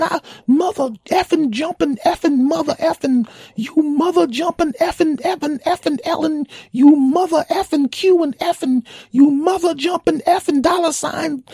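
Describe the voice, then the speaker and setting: A man voicing a furious male truck driver who sputters strings of bleeped curses in a shrill voice. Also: very slow, long pauses, dark tone, slightly rough, dry recording, studio quality, full character voice. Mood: raging.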